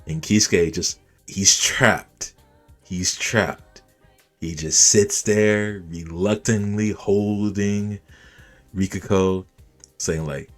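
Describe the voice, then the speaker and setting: A man casually recapping an anime episode, animated and reacting as he retells the scenes. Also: deep voice, slow, pauses often, faint music behind. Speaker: anime reviewer.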